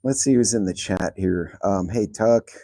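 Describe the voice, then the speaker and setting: A man on a laid-back livestream, his low voice dark and mellow. He rambles along between dog commands and greetings to the chat. The sound is dry and close, with almost no room around it. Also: a little slow, dry recording. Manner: chatty, talks to his dogs and reads out chat names. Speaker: channel host. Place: yard of a rental house, outdoors. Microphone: phone on speaker.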